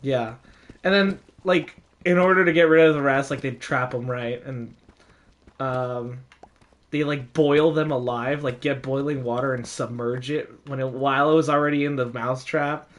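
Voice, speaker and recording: A young man casually telling a story, animated, with frequent laughs and lots of fillers. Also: medium pitch, moderate pace.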